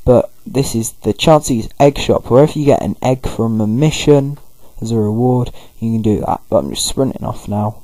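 A man's voice: mid-range voice, moderate pace, hardly any pauses, dark tone, dry recording, rough recording. A man giving loose, rambling commentary over a video game playthrough. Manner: rambling, loose, full of fillers. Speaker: gaming video host. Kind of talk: casual let's-play commentary.

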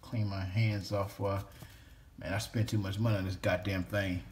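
A man's voice: low-pitched, little pitch movement, normal speed, slight background noise. A man in a casual cooking vlog, cursing freely and rambling while he talks to a toy. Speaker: home cook vlogger.

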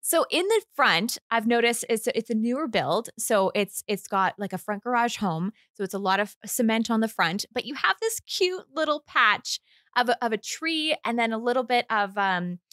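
Bright, excitable woman. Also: on the high side, no echo, studio quality. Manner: excitable, chatty, quick laughs and restarts. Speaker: co-host. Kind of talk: casual podcast chat.

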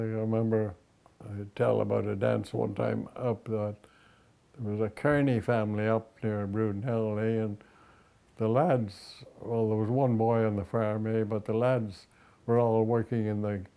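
A man's voice: on the low side, little pitch movement, a little slow, creaky, mellow. An older man, reciting an old ballad and telling a rambling folk anecdote. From Upper Ottawa Valley, Canada. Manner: folksy, rambling, tag questions. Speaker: storyteller.

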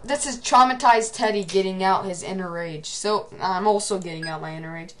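A teenage girl giving excitable gameplay commentary, often shouting at the game. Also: mid-range voice, a little fast, a crowd in the background.

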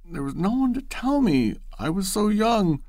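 A man's voice: sits high, big pitch swings, moderate pace, darkish tone, no room sound, clean studio sound, voice pushed up. A man reading a storybook aloud, voicing a distraught, tearful young woman who sobs and pleads. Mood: pleading. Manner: sobbing, pleading.

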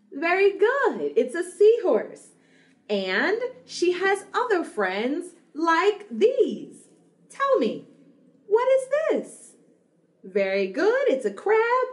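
A young woman teaching small children about singing, talking slowly and brightly, with lots of praise and sung examples. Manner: warm praising, sings examples, owl hoots and drum booms. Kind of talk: slow, sing-song lesson for small children.

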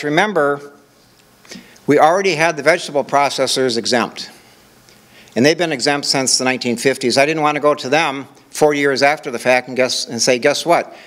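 An older man from Minnesota, with a mid-range and slightly bright voice, gives a conference presentation in a conversational style. He walks through examples and poses rhetorical questions.

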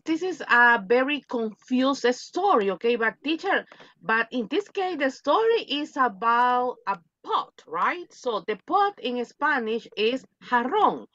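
A woman's voice: sits high, fairly bright tone, no room sound, highs cut off. A woman English teacher on a video call, reading a story aloud and drilling pronunciation, switching between English and Spanish. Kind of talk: online English lesson for Spanish speakers.

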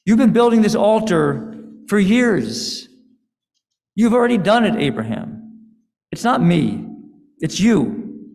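A man's voice: high-pitched, big pitch swings, slow, darkish tone, pitched above the performer's own voice, exaggerated voice. A man voicing an angry, weary God who declaims accusations in a commanding way. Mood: stern. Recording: long hall reverb.

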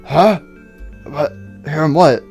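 A man's voice: on the high side, slow pace, a little mellow, breathy edge, soft background music, exaggerated voice. A man doing brash robot gator Monty. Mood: breezy. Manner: brash, breezy.

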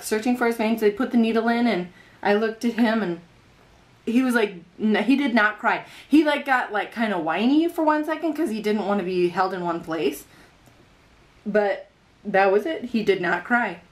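A young woman speaks to her vlog audience from home in an earnest, heartfelt way. Her voice sits at a middle pitch for a woman. Her sentences ramble and run on. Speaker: mother vlogging about faith. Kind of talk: casual faith vlog. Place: at home with her baby son.

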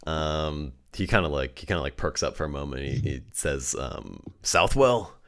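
Very deep, gravelly game master. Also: male voice, fairly even intonation, moderate pace. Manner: rambling, full of fillers and restarts. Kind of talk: improvised tabletop narration.

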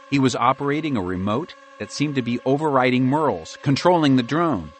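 A man narrating a children's audiobook with lively, expressive storytelling. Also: mid-range voice, a little hiss or hum.

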